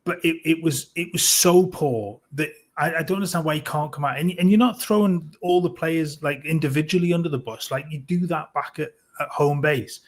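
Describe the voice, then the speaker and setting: A plain-spoken man vents his exasperation in casual live talk. His voice sits a little high for a man. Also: a little fast, hardly any pauses. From North East England. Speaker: co-host of a fan podcast.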